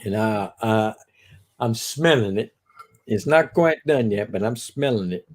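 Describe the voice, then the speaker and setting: A man's voice: on the low side, lively intonation, a little slow. An older man chatting casually as co-host, easygoing and joking. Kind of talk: casual chat.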